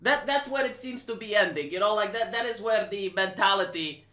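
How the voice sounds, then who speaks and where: A woman's voice: medium pitch, animated, a little fast, fairly bright tone. Blunt Romanian-accented woman streamer. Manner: blunt, emphatic, repetitive, many restarts. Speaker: live-stream commentator. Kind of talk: casual opinion commentary. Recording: roomy echo.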